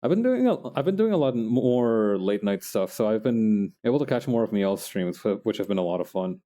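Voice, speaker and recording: Young man, streamer, lively swooping voice, mellow tone, chatty, self-mocking. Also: lowish voice, brisk. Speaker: digital artist streamer. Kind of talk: casual narration while drawing.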